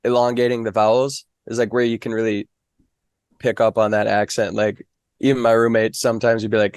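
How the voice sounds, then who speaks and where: A man's voice: on the low side, flat delivery, normal speed, no room sound, clean studio sound. A young man from the Fargo area, a weather reporter and guest, talking in a modest, easygoing way full of "like". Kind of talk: casual interview.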